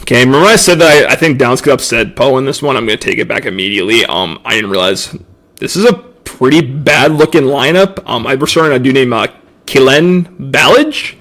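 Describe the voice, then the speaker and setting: A man's voice: mid-range voice, fast, a bit bright. A young man co-hosting a fantasy football podcast, offhand and self-mocking, often stumbling over his words. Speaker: podcast co-host. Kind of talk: casual fantasy football chat.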